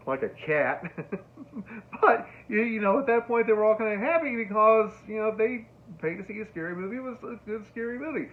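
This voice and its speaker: A man giving a casual lecture on film, telling stories and acting out lines with sudden loud bursts. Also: sits high, brisk. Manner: animated storyteller, acts out quotes with sudden loud squeals. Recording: tinny phone-like sound.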